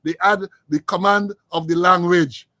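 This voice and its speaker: A man's voice: sits high, steady tone, unhurried, pushed and bright, no room sound. A middle-aged Guyanese man hosting a political commentary show, talking with sarcasm and mockery. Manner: sarcastic, mocking. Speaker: host.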